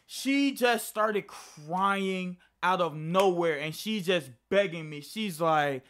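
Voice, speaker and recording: A man's voice: sits high, slow pace, hardly any pauses, a bit bright. A young man telling a casual personal story to camera, rambling and profane, often restarting his sentences. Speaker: vlogger.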